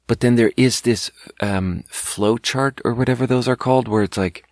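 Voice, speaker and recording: A man's voice: medium pitch, moderate pace, darkish tone, no echo, studio quality. A man from Sweden, hosting a podcast as a casual solo monologue, rambling and self-conscious, often laughing between thoughts. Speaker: podcast host.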